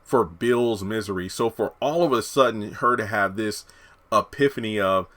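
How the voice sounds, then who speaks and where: A man reviewing a TV episode in a casual, blunt and animated way, retelling the scenes as he goes. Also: on the low side, moderate pace. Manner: animated, acts out characters' lines while retelling; blunt and opinionated.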